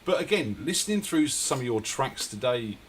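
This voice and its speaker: A man's voice: mid-range voice, sing-song, moderate pace, slight background noise. A man hosting a radio interview, asking questions in an enthusiastic, complimentary way. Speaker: radio show host.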